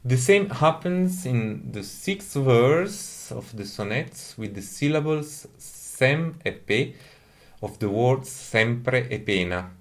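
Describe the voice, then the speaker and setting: Guy lecturing on music, talks real slow and careful, mid-pitched voice. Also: lively intonation. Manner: careful, measured, methodical explaining. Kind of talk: explanatory lecture.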